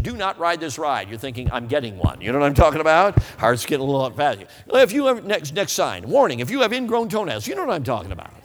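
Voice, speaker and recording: A man preaching a humorous, folksy sermon, telling stories and often asking the audience whether they know what he means. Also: fairly high pitch. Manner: folksy, animated, asks the audience. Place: church hall. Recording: reverberant hall.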